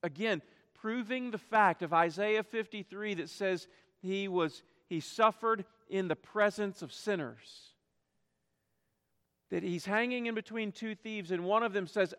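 Pastor, male, high-pitched, passionate sermon delivery, long hall reverb. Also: unhurried, clean tone. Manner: impassioned, acts out quoted voices, drops to quiet emphasis.

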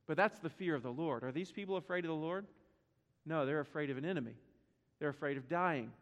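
A man's voice: on the high side, fast, highs cut off. A man preaching a sermon to his congregation, emphatic and repetitive, asking the church questions. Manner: emphatic, repeats words for stress, asks the congregation questions. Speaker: pastor. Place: church sanctuary. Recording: long hall reverb.

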